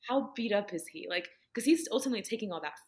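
A woman's voice: mid-range voice, expressive, fast talker, darkish tone. A woman talking casually about her faith, telling earnest personal stories and filling her speech with "like". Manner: earnest storytelling, heavy use of "like".

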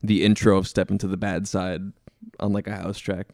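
A young man chatting casually as a podcast guest, relaxed and laughing, a bit self-deprecating. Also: sits low, fairly quick, creaky, no room sound, clean studio sound. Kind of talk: casual chat.

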